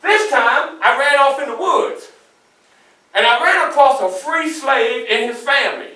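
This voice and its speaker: A man performing as Frederick Douglass, telling his story in the first person with animated, often shouted storytelling to a live audience. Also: very high-pitched, unhurried, distant mic, exaggerated voice. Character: Frederick Douglass, a defiant young man escaping slavery. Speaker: historical portrayer. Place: public library event room. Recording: echoey room, mic from afar.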